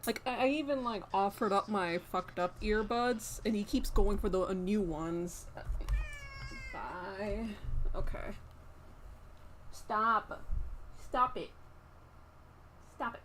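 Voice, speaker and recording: Young woman streamer, casual and rambling. She keeps snapping short, exasperated commands at her pet between loose, filler-heavy chat. Her pitch sits in a middle range, and a faint hum runs behind her. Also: a little slow. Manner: exasperated, scolding a pet with sharp repeated commands.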